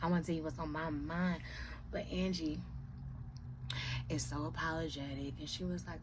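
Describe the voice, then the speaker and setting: A woman reviewing reality TV in casual, profane chat who often drops to hushed asides. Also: low voice, steady tone, normal speed, pauses often, background noise.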